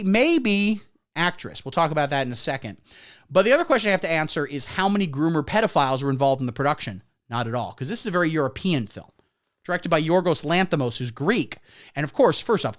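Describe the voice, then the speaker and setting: A man hosting a comedy livestream, delivering a satirical monologue in the style of a mock pundit, with deadpan asides. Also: fairly high pitch.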